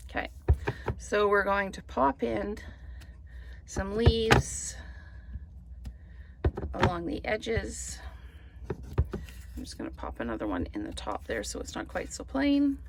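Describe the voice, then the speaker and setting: A woman's voice: medium pitch, big pitch swings, slow pace, creaky, pauses often, heavy background noise. A woman chatting through a card-making tutorial, thinking aloud as she works. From Canada. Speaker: papercraft demonstrator.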